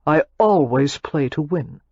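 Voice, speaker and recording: A woman's voice: sits low, lively intonation, a little slow, darkish tone, breathy edge, dry recording, lo-fi sound, full character voice. A woman narrator voicing an arrogant, ruthless young businessman who speaks in a superior, brusque way.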